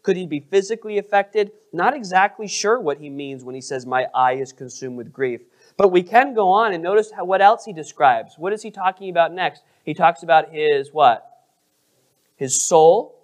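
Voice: medium pitch, animated, moderate pace. A pastor preaching a sermon, asking the congregation questions and stressing words expressively.

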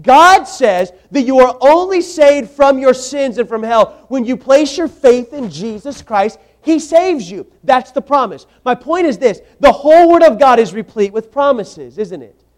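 High-voiced preacher delivering a sermon. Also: male voice, expressive, unhurried. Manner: emphatic, repeats words for stress, asks the audience questions.

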